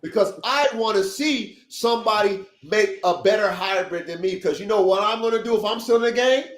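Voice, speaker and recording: A man's voice: high-pitched, fairly quick, a little hiss or hum. A man hosting a casual dog-breeding podcast livestream, talking in an emphatic, preachy, repetitive pep-talk style with plenty of swearing. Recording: roomy echo.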